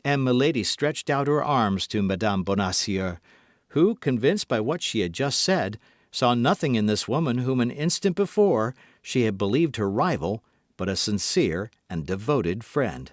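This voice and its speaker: Guy reading an old novel aloud, really lively pitch, dry close sound. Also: moderate pace, dry recording. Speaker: audiobook narrator. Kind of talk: scripted narration.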